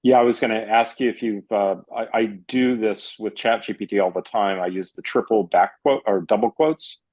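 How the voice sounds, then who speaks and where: A man in the audience asking a hesitant question full of pauses and restarts. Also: on the low side, darkish tone, low-quality recording.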